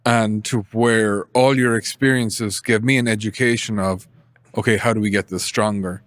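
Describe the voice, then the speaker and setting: A man hosting a podcast interview in a studio, talking in a halting way and repeating words as he gathers his thoughts. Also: fairly low pitch, fairly even intonation, no room sound. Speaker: podcast host. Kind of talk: casual interview chat.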